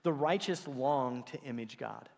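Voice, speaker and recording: A man preaching a sermon in a conversational, animated way, acting out the voices he quotes. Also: medium pitch, unhurried, creaky. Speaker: pastor. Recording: long hall reverb.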